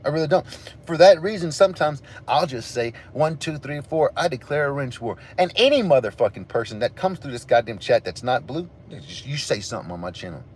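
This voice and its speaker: A man's voice: medium pitch, sing-song, fairly quick, a little hiss or hum. A man hosting a livestream, ranting angrily and profanely at his chat. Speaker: livestream host. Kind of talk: angry livestream rant to chat.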